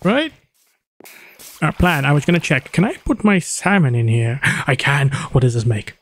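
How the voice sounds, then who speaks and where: A man's voice: on the high side, very animated, a bit bright. A man hosting his own gaming channel, chatting through his play with jokes and sudden exclamations. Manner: chatty self-narration, joking, quick exclamations. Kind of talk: let's play commentary.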